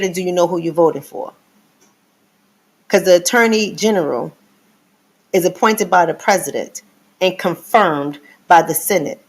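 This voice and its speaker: Teacherly woman lecturing her viewers. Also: fairly low pitch. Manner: teacherly, repeats points and addresses viewers directly. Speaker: host. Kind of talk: live-stream commentary.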